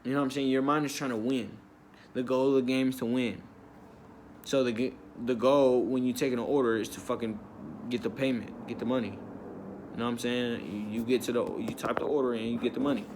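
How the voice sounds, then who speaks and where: A young man telling a story from his life in a loose, slangy, profane way, with frequent "like" and "bro". He gets animated, and his pitch jumps when he is riled up. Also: brisk, background noise. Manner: animated, with bursts of rising pitch when worked up. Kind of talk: storytime vlog, casual chat.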